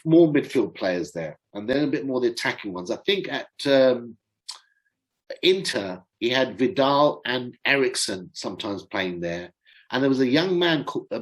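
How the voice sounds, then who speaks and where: A man's voice: medium pitch, rough recording. A middle-aged man hosting a fan channel. He talks through football in a casual, rambling way and sometimes fumbles for names.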